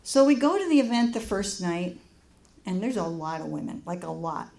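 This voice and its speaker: A woman preaching in a church, telling a personal story with lively acted-out dialogue. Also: medium pitch, moderate pace, vocal fry. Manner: animated storytelling, acts out dialogue.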